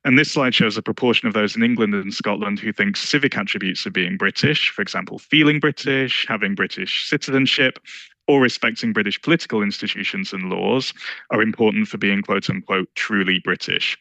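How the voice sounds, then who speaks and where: A man walks an audience through research charts in a measured, explanatory way. His low voice has a gravelly edge and a bright, pointed tone. The recording is close and dry, with no room sound. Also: no room sound, rough recording. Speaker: lecturer presenting survey research. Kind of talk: academic slide presentation.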